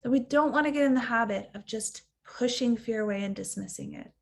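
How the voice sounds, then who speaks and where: A woman's voice: on the high side, fairly quick, creaky. A woman in her thirties, a coach giving an earnest, reflective teaching talk and sometimes acting out the inner voice of fear.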